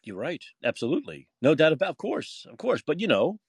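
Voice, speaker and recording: A man's voice: on the high side, sing-song, a little fast, creaky, slightly rough, dry recording. A man hosting a call-in podcast, talking in an emphatic, opinionated way, a former film critic. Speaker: podcast host. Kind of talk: casual call-in talk.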